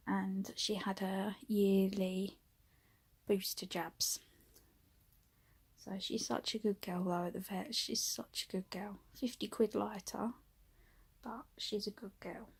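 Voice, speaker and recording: A woman's voice: mid-range voice, husky. A young woman vlogging at home, out of breath, chatting casually and often dropping into a whisper. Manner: coos softly to her cat. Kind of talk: casual vlog chat.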